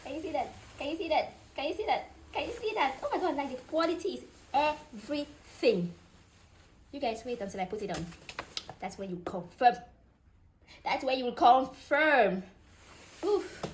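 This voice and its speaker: High, lively woman vlogger. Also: normal speed, a little hiss or hum. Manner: excitable, gushing exclamations. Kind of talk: unboxing vlog.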